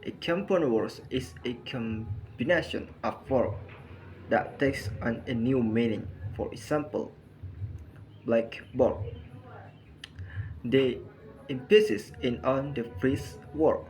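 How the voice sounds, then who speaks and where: A man reads a lesson aloud at a very slow, halting pace, breaking his sentences into short phrases. His pitch sits in a middle range. A faint hiss of noise runs under the recording. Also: darkish tone, low-quality recording. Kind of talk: reading a lesson on compound words.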